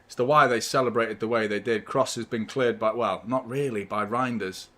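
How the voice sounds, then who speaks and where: A man's voice: medium pitch, fairly even intonation, normal speed, a bit bright. A man hosting a live football watchalong, giving chatty, partisan fan commentary and swearing freely.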